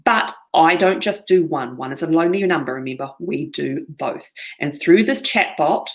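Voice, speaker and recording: A woman's voice: low voice, animated, normal speed. A middle-aged woman with a New Zealand accent presenting a live marketing webinar, talking straight to her viewers and often checking in with "okay?". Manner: upbeat, addresses viewers directly, frequent "okay?" check-ins. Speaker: seminar presenter.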